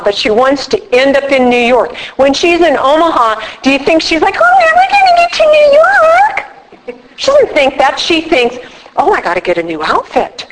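A woman speaking casually at a recovery meeting, animated and acting out little quoted voices as she explains. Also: a little high, poor audio. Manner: animated, acts out quotes with props. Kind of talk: casual workshop talk.

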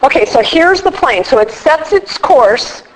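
A woman speaking casually at a recovery meeting, animated and acting out little quoted voices as she explains. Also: sits high, a little slow, a little hiss or hum, rough recording. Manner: animated, acts out quotes with props. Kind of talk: casual workshop talk.

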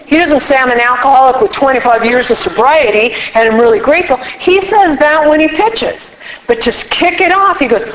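High-voiced woman giving a lively meeting talk. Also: moderate pace, low-quality recording. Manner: animated, acts out quotes with props. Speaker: speaker at a recovery meeting. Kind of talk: casual workshop talk.

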